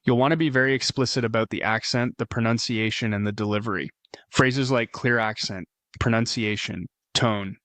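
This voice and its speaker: Guy doing a tutorial voiceover, lowish voice, dry close sound, steady step by step. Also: dry recording. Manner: steady, explicit step-by-step instruction. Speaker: tutorial narrator. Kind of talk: scripted tutorial voice-over.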